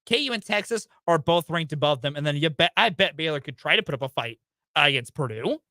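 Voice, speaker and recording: A man's voice: fairly high pitch, animated, a little fast, bright, forceful tone, no echo, studio quality. A young man hosting a sports talk radio show, ranting emphatically about college basketball.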